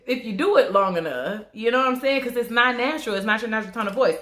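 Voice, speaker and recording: A young woman with a Southern country twang talks candidly and casually in a get-ready-with-me vlog, her voice expressive, brisk and fairly bright, with a reverberant sound. When quoting a business-like tone, she shifts into a higher voice.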